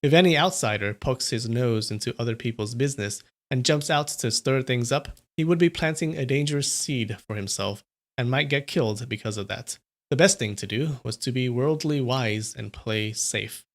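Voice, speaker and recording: A man reading a translated martial arts novel aloud on a livestream, steady, with small slips and corrections. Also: mid-range voice, normal speed. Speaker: reader on a livestream.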